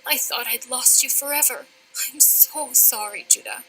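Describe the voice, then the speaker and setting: A tender, guilt-ridden mother, as a woman puts her on, breathy and tearful in a storytime cartoon. The voice sits high and bright. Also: moderate pace, faint music behind, low-quality recording.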